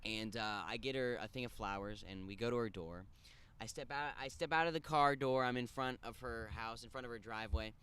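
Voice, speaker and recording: A young man co-hosting a podcast, telling a crude story in casual chat, animated and jumping from loud bursts to mumbled asides. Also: mid-range voice, a little fast, clean tone. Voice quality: crude, joking banter. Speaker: podcast co-host.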